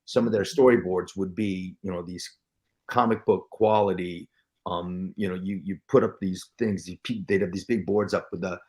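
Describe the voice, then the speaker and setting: Male guest, lower pitch, excitable storyteller, stumbles and restarts often. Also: moderate pace. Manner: excitable, with many restarts and acted-out quotes. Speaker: guest actor. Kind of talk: storytelling interview chat.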